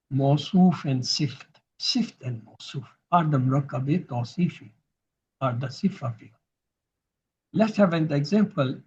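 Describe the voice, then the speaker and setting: A man's voice: on the high side, darkish tone, slightly rough, muffled recording. A man teaching grammar in a recorded lesson, patiently repeating each term so students can drill it.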